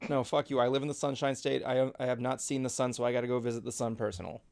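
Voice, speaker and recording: A man's voice: mid-range voice, fairly even intonation, very fast, gravelly, a little mellow, slight background noise. A man hosting a casual talk show, joking and teasing his co-hosts with crude humor. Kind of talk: casual chat.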